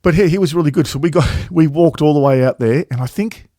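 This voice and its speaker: A man's voice: on the high side, fast talker, dark tone, dry recording, clean studio sound. A man co-hosting a casual travel chat, rambling with many fillers and restarts and swearing freely. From Australia. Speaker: travel vlog co-host.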